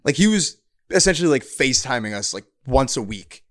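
A man in casual sports chat, mid-pitched and animated. He co-hosts the show and drops into quick mock voices when quoting others. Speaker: podcast co-host.

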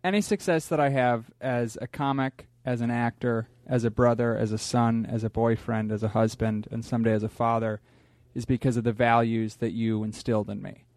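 Comedian, mid-pitched man, dry close sound, earnest letter reading. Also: fairly even intonation, moderate pace, few pauses, darkish tone, no room sound. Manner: earnest and heartfelt.

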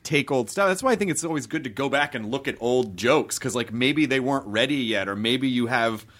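A man hosting a podcast, talking quickly with frequent restarts and laughter. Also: mid-range voice, lively intonation, a bit bright. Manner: fast, laughing, restarts often. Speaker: podcast host. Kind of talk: casual podcast chat.

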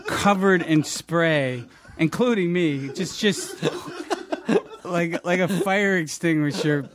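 A man telling profane, rambling stories from his comedy career in casual chat, deadpan, breaking into high put-on voices. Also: takes it slowly, a crowd in the background.

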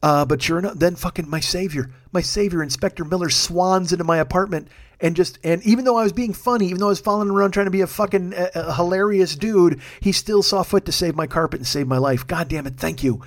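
A man's voice: high voice, quick pace. A man hosting a podcast alone, telling a rambling, profane comic story from his apartment. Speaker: podcast host. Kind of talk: solo comedic monologue. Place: home apartment.

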